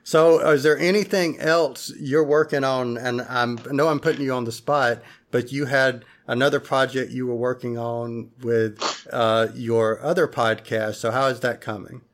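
A man's voice: medium pitch, fairly even intonation, normal speed, few pauses. A man hosting a podcast in casual chat, rambling with many fillers and restarts. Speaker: podcast host.

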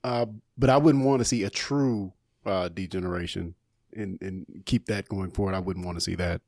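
A man co-hosting a casual podcast, speaking quietly and hesitantly, often restarting his sentences. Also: sits low, moderate pace, dry recording, studio quality. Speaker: podcast co-host.

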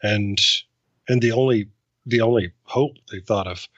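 A man's voice: lowish voice, unhurried, a little mellow, no echo, lo-fi sound. A man co-hosting a casual discussion, enthusiastic and stammering at the start of his sentences. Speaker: podcast co-host.

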